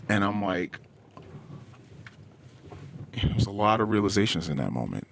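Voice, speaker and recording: Middle-aged male podcast host, very low voice, halting confessional delivery, quiet background hum. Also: big pitch swings, creaky. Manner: halting and candid, frequent restarts and searching for words. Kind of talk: personal confessional podcast monologue. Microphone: podcast microphone, self-recorded.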